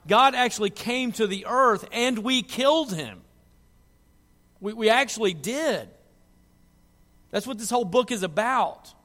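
A man preaching a sermon, moving from quiet reflection to loud, impassioned pleading. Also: extremely high pitch, animated, a little slow, pauses often. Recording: long hall reverb.

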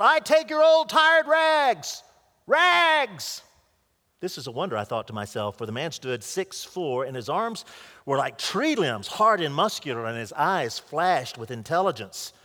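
A man's voice: mid-range voice, fairly bright tone. Earnest male preacher, echoing hall. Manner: earnest retelling with small restarts. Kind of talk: sermon storytelling. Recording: long hall reverb.

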